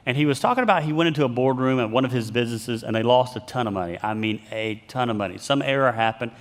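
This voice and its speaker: A man's voice: mid-range voice, fast talker, big-room sound. A man giving a motivational leadership talk that mixes in scripture, telling stories and acting out the people he quotes. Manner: animated storyteller, acts out quoted voices. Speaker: leadership speaker.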